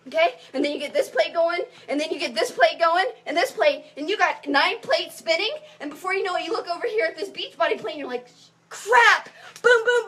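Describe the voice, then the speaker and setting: A woman in her thirties giving an energetic motivational pep talk as a coach on a call. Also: extremely high pitch.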